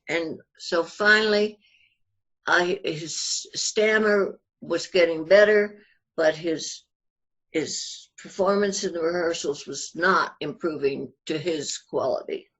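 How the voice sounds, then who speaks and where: A speaker telling a backstage anecdote in an unhurried, earnest way. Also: medium pitch, fairly bright tone. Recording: dull lo-fi recording.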